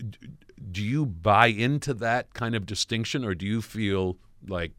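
A man with a low voice conducts an interview. He asks long, thoughtful questions at a measured pace. The sound is dry, with no room echo. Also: a bit bright, smooth.

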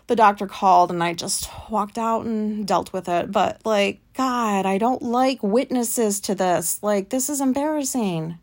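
Speaking at a medium pitch and unhurried pace with hardly any pauses, a woman in her late thirties rambles through a casual solo podcast. Anxious and frustrated, she vents profanely and leans heavily on fillers.

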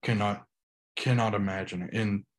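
A young man, a pastor and podcast guest, talking earnestly in casual interview chat, halting with frequent restarts. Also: fairly low pitch, fairly even intonation.

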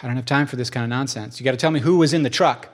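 A man's voice: medium pitch, rapid-fire, natural voice. A man doing a curt, impatient paramedic. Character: impatient male paramedic at a crash, brusque.

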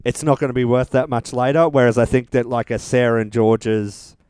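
A man talking casually as a podcast co-host, offering wandering opinions with dry wit. His voice is smooth and resonant, miked close in a dead, dry space. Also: medium pitch, flat delivery, fairly quick, a little mellow, no echo. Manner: dry, wry humour, rambling opinions. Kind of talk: casual chat.

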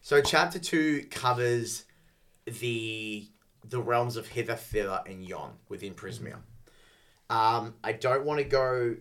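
A man with a fairly low voice hosts a relaxed podcast chat. He reads game-book passages aloud, often stumbling and restarting as he goes. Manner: chatty, halting restarts when reading. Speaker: podcast host.

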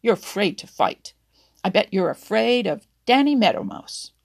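A bragging, snarling young fox from a storybook, as a woman puts him on. He shouts his taunts with a gravelly, husky edge and plenty of bluster. The delivery is loud and blustering. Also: fairly low pitch, sing-song, unhurried, full character voice. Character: boastful angry young male fox.

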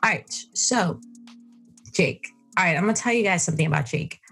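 A woman's voice: on the low side, lively intonation, brisk, vocal fry, fairly bright tone, soft background music. A young woman from South Africa hosting a podcast, animatedly telling a personal story and acting out her own thoughts. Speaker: podcast host. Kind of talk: casual storytelling.

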